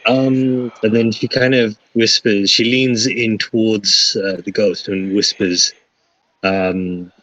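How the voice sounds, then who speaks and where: A man playing a tabletop game over a voice call, asking halting questions and restarting his sentences. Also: lowish voice, flat delivery, fairly bright tone, no room sound, low-quality recording. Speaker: player.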